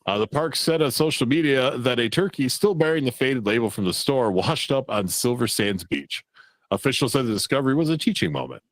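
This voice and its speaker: A man hosts a laid-back talk show, reading strange news items aloud with a loose, profane delivery. His pitch swings widely as he talks. The sound is dry and close. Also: animated, fairly quick, dry recording. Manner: loose and profane, laughs at the stories. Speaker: podcast host.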